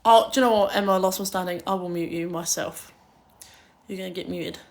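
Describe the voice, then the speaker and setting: A woman's voice: lowish voice, steady tone, fairly quick, creaky, darkish tone. Chatty young woman livestreaming. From Kent, England. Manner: chatty storytelling, lots of "like", swearing. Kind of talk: casual livestream chat.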